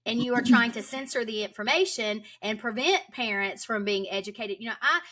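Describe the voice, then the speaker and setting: A woman's voice: a little high, fairly quick, fairly bright tone. A woman homeschool advocate from Tennessee, talking urgently and emphatically as a guest in a podcast interview. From Tennessee, United States.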